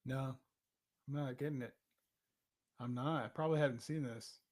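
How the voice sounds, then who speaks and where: A man co-hosting a casual live stream, slangy and joking as he guesses movie quotes out loud. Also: mid-range voice, steady tone, moderate pace. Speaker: co-host.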